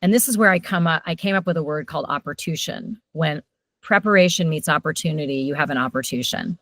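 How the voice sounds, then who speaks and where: A middle-aged woman, a voiceover coach, telling stories animatedly in a casual interview. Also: sits low. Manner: animated storyteller, quick shifts in loudness.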